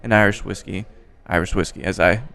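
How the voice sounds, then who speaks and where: A man hosting a podcast interview, relaxed and joking, swearing casually. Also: low voice, fairly quick, creaky. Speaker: podcast host. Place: bar by a window.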